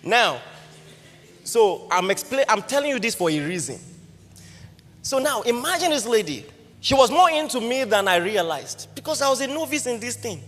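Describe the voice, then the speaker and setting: A man's voice: extremely high pitch, moderate pace. A man with a Nigerian accent preaching, telling a personal story with many rhetorical questions to the congregation. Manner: lively anecdotal preaching, frequent rhetorical questions. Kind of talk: storytelling sermon. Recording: reverberant hall with faint music.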